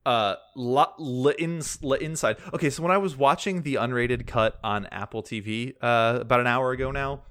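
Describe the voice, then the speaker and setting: A man's voice: mid-range voice, moderate pace, hardly any pauses, a bit bright. A man co-hosting a casual film podcast, rambling and wry, swearing casually as he talks. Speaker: podcast co-host.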